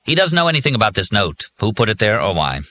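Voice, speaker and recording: A man playing a stern secret police officer, tart and clipped, with a forceful, bright edge on a low voice. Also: sing-song, quick pace.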